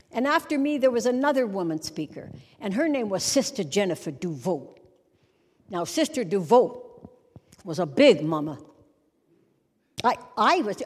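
A middle-aged woman giving a humorous storytelling sermon at a conference, animated and conversational, sometimes breaking into song to make a point. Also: medium pitch. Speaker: conference speaker. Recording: long reverb of a large hall.

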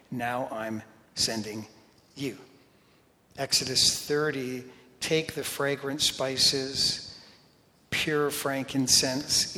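A man preaching a sermon, telling animated stories, talking straight to the congregation and dropping to a whisper for emphasis. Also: medium pitch. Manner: animated storytelling, talks to the congregation directly. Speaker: pastor. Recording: long reverb in a large hall.

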